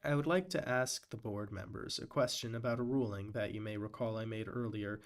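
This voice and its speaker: Man reading a hearing transcript aloud. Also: fairly low pitch. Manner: reads out quote and end quote markers, deliberate. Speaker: live-stream reader and commentator.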